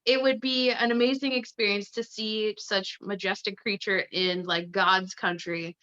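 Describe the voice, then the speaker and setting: A woman's voice: medium pitch, steady tone, measured pace, pushed and bright, clean tone. A woman from Canada, a podcast guest, chatting casually and laughing often. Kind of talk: casual interview chat. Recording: slightly muffled lo-fi audio.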